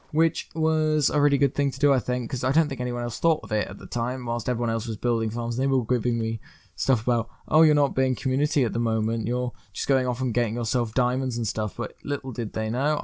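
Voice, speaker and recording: A man's voice: medium pitch, no room sound. A young man chatting upbeat over his gameplay, now and then rambling a little. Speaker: gaming video host. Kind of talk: casual gameplay commentary.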